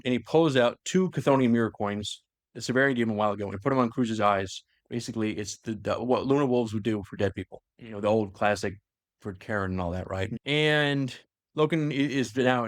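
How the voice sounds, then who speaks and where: A man's voice: medium pitch, fairly quick, no room sound, clean studio sound. A man hosting a podcast, casually retelling a story in a rambling way, with lots of "like" and restarts. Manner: rambling storyteller, heavy use of "like", many restarts. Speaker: podcast host. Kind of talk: casual lore recap chat.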